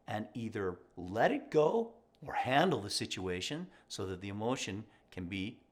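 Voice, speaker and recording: A middle-aged man talks as a mindset coach reacting to an article, his lowish voice rising and falling a lot. He is casual and animated, dropping "right?" often and slipping into short acted exchanges between parent and child. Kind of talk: reaction commentary.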